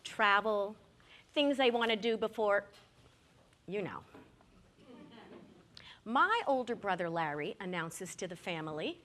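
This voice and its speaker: Animated woman telling a comic story. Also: medium pitch, a little slow, pauses often. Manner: animated, acts out dialogue. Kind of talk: solo comic storytelling on stage. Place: small theater.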